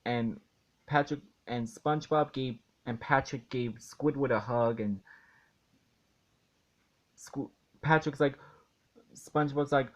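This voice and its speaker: A man reviewing a cartoon episode in an indignant rant, halting and restarting as he talks. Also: mid-range voice. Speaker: video reviewer.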